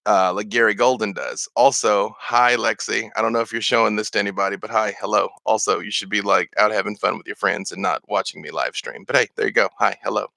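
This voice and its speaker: A man's voice: lowish voice, steady tone, brisk, vocal fry, hardly any pauses, bright, forceful tone, no room sound. A man answering viewer questions on a casual live stream, rambling with many fillers and restarts. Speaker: streamer and game master.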